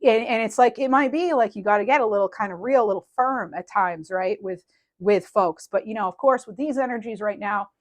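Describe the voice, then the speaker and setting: A woman talks through a tarot reading in a loose, rambling way, full of "you know" and "um" and restarting her sentences. Her voice sits at a middle pitch, and she laughs lightly as she goes. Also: fairly quick. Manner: rambling, animated, lots of fillers and restarts; laughs lightly while talking. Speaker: tarot reader. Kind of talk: casual channeled tarot reading.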